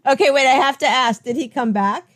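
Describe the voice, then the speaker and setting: Enthusiastic higher-voiced woman host. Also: a little fast, fairly bright tone. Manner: enthusiastic, effusive, laughs often. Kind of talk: casual interview chat.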